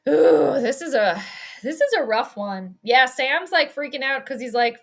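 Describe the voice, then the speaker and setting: A young adult woman hosting a live stream, giving rambling, excitable fan commentary on a football game and swearing at the calls. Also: high-pitched, measured pace, vocal fry. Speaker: host.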